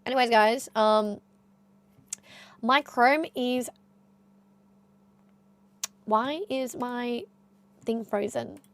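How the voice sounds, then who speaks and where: A woman's voice: on the high side, steady tone, extremely slow, long pauses. A young Australian woman with an Australian accent, chatting casually with her live-stream audience, laughing often. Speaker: livestreamer.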